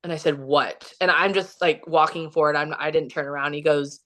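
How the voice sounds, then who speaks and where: A woman with a somewhat low voice tells a personal story as a podcast guest. Her talk is casual and chatty, filled with "like", and she acts out what people said. She is from Kansas City, Missouri. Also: fairly even intonation, brisk, a bit bright. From Kansas City, Missouri, USA. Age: young adult or middle-aged, has a son. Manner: chatty, heavy use of "like", acts out quotes.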